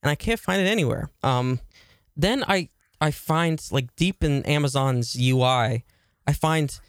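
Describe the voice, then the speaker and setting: A man's voice: fairly high pitch, unhurried, clear, resonant tone, no echo, clean studio sound. A man co-hosting a podcast, telling a long story in casual chat with lots of fillers, restarts and swearing. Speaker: podcast co-host.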